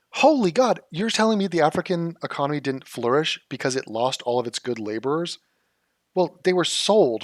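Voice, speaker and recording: A man hosts a reaction commentary in a sarcastic, mocking tone. His exasperation spills into incredulous rhetorical questions. The sound is close and dry, with no room echo. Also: a little high. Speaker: political commentary host. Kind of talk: reaction commentary on a debate clip.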